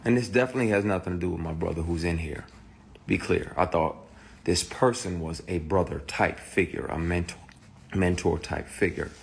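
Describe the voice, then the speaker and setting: With a low, fry-tinged voice and a moderate pace, a man gives a heated, candid account to the camera over slight background noise. He swears bluntly throughout and yells the lines he quotes from others.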